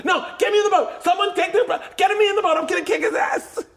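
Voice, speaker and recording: A man voicing his hot-tempered male friend, whining and yelling in a shrill, squealing voice. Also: fast talker, gravelly, some chatter behind, exaggerated voice.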